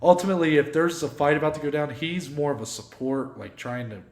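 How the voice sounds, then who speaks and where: A man co-hosting a podcast, telling a long story in a casual, animated way, swearing freely and acting out what people said. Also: on the high side, brisk, roomy sound. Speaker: podcast co-host.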